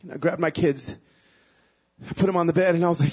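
High, husky man preaching. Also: fairly even intonation, fast, pauses often, dull audio. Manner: emotional personal storytelling, swinging from hushed to loud and pleading. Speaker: guest speaker. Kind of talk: sermon.

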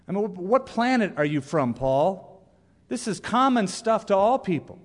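A man preaching a sermon as pastor, lively and humorous, reading out examples and scripture. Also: high voice, normal speed. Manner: animated, reads quotes with humor. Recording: long reverb of a church hall.

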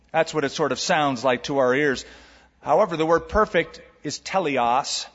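Preaching man in a reverberant hall. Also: on the high side. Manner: animated preaching, drawn-out emphasis, rhetorical questions to the congregation. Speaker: pastor. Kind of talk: sermon. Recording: long hall reverb, dull lo-fi sound.

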